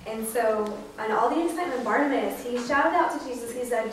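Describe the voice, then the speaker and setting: A young woman student teacher telling a Bible story to first graders, animated, acting out voices and prompting the children. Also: on the high side, a little fast, few pauses. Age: young adult. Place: school classroom. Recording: echoey room from far off with noise.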